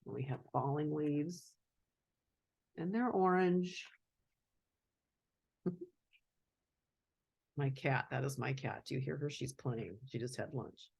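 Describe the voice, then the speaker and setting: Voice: mid-range voice, takes it slowly, creaky, pauses often, darkish tone, slightly rough. A host reading a children's picture book aloud and adding casual commentary and laughing asides.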